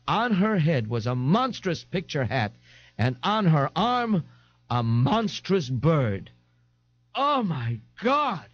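A man narrating an audiobook in an expressive, dramatic reading. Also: a little high, slow, no echo. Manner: expressive, animated. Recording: dull lo-fi 1980s audiobook tape.

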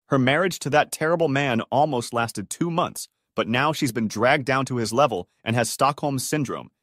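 Man narrating stories, lively dry voice. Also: medium pitch, no room sound. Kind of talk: scripted narration of online stories.

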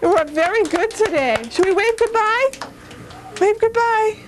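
Very high-voiced woman reading to kids. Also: noisy background. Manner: slow, patient, sing-song coaxing of young listeners. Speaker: children's story reader. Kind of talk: reading a picture book aloud to children. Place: television studio in a library.

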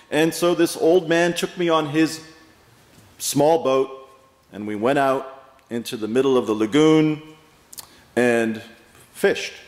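Pastor preaching in an echoey sanctuary. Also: male voice, mid-range voice. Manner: measured storytelling with pauses and emphasis. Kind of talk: sermon. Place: church sanctuary. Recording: echoey hall with long reverb.

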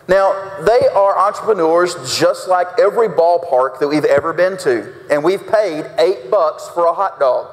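Male pastor, high-pitched, folksy sermon, long church reverb. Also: moderate pace, hardly any pauses. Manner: folksy, acts out quotes with big pitch swings. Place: church sanctuary.

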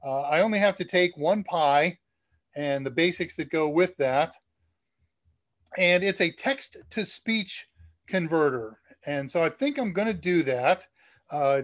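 A man with a nasal voice from the US Midwest, hosting a casual live Q&A stream and chatting keenly about tech. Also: on the high side.

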